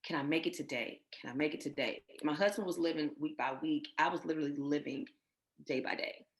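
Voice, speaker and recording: A woman with a low voice tells her own story in an interview. She is heartfelt and emotional, speaks of faith, and often acts out what others told her. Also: brisk. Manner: emotional, faith-filled, retells others' words. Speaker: guest sharing her infertility story.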